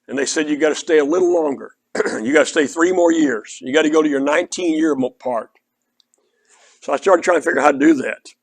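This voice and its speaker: A man's voice: fairly high pitch, fairly quick. An older man with an Oklahoma Southern accent, preaching an earnest, conversational sermon that is built around a personal story. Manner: earnest, conversational, quotes others in dialogue.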